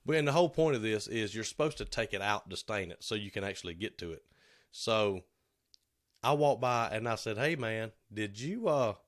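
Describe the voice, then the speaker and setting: A man's voice: fairly low pitch, animated, fairly quick. A man telling a shop story as co-host of a casual podcast, slipping into quoted voices as he goes.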